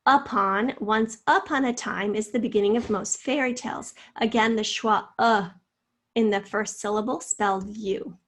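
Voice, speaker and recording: A woman teacher giving a recorded spelling lesson to fourth graders, sounding out words slowly and carefully. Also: medium pitch, steady tone, a bit bright.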